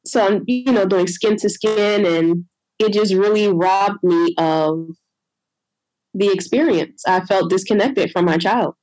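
A woman's voice: medium pitch, unhurried, darkish tone, dry recording, low-quality recording. A young adult woman telling her own birth story in a conversation, emotional and retelling what others said. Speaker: guest sharing a birth story.

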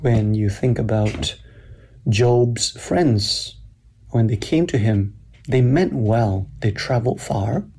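A man delivers a slow, deliberate sermon-style talk at a church summit, unpacking scripture with emphatic pauses. His voice is mellow and medium-pitched, with slight background noise.

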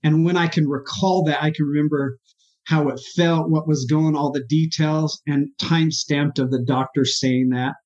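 A man, a therapist, telling his personal story as an interview guest in an earnest, halting, emotional way. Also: a little high, fairly even intonation, darkish tone. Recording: dull lo-fi sound.

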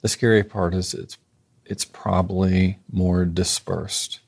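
A man co-hosting a faith podcast, thoughtful and halting, reading a blessing slowly and deliberately. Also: low-pitched, little pitch movement, gravelly, husky. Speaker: podcast co-host. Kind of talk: reflective faith podcast conversation.

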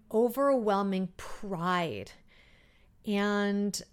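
A woman in her thirties hosting a podcast, telling a personal story in a heartfelt, emotional way, with many fillers and pauses. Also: mid-range voice, clear, resonant tone. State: emotional, near tears. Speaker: podcast host.

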